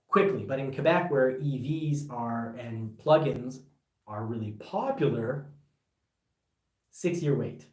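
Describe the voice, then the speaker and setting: A man from Canada giving casual car-buying advice as a vlog host, getting animated and worked up, with rambling restarts. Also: mid-range voice, distant mic. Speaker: car reviewer. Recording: echoey room, voice a bit off-mic.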